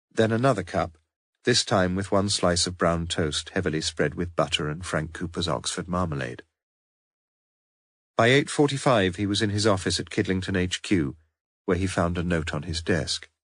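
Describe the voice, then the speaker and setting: Male audiobook narrator, lowish voice, dry close sound, measured storytelling. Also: a bit bright, no room sound. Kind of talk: scripted narration.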